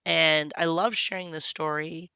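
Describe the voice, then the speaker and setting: A woman podcast co-host with a cold, talking in a deep husky voice in casual chat. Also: fairly even intonation, a little slow, pushed and bright, no echo, studio quality. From Canada. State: hoarse from a cold. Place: temporary room at home with fans running.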